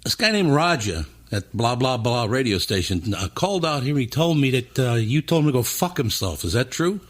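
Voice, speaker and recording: A man putting on a Philadelphia accent to play a brash, profane male record executive with a high voice. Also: big pitch swings, normal speed. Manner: profane, blunt. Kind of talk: storytelling impression.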